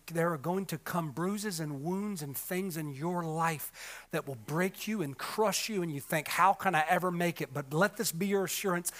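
A man with a high, bright voice preaches a sermon. His delivery is dramatic, climbing to ringing shouts and then dropping to hushed whispers.

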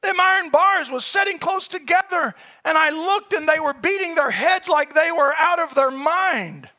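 A man's voice: very high voice, lively intonation, normal speed, bright, forceful tone. A man preaching a sermon, impassioned and repeating his phrases as he builds.

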